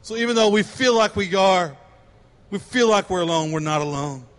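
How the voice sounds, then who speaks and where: A man's voice: high-pitched, expressive, normal speed, a bit bright, in a large hall. A man preaching a sermon, emphatic and repetitive, swelling to passionate cries. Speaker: pastor.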